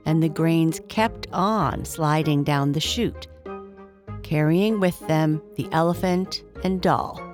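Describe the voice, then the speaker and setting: A woman narrating a bedtime story in a slow, gentle, soft-spoken way. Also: low voice, soft background music.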